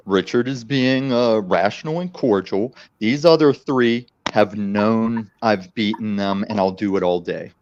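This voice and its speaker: A man's voice: lowish voice, a little slow, hardly any pauses, darkish tone, highs cut off, slight background noise. A man arguing heatedly as a guest on a live stream panel, combative and talking over others. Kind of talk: heated online argument.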